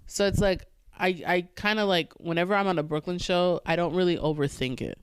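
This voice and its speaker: Animated woman comedian, smooth voice. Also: lowish voice, fairly quick, dry recording, studio quality. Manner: animated storytelling with acted-out quotes. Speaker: stand-up comedian, podcast guest. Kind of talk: casual chat.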